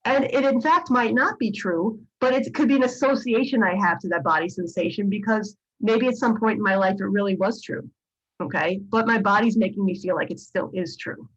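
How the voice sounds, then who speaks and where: Patient woman psychologist, slightly husky. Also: medium pitch, fairly quick, dull audio. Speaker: psychologist teaching a video course. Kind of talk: lecture to camera.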